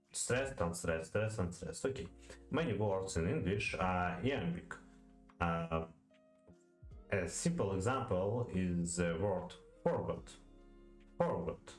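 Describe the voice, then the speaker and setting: A man with a Russian accent reads poetry lesson notes aloud and thinks aloud, halting often with fillers and repeating words to practice saying them. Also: sits low, echoey room. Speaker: language learner studying poetry. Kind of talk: reading aloud and thinking aloud while studying.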